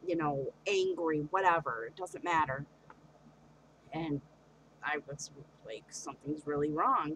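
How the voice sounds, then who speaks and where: A woman's voice: low-pitched, noisy background. A young woman talking through a personal confessional vlog, hesitant and earnest, with many fillers and restarts. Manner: earnest and open about her feelings. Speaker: vlogger.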